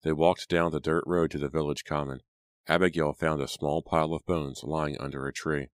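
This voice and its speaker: Very deep-voiced male audiobook narrator. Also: flat delivery, dry recording. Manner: measured, storytelling. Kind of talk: scripted narration.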